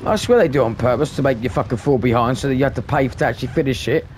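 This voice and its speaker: A man's voice: medium pitch, racing, a little mellow, a little hiss or hum. A man giving live commentary on his gameplay, ranting in frustration and swearing constantly. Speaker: gaming video creator.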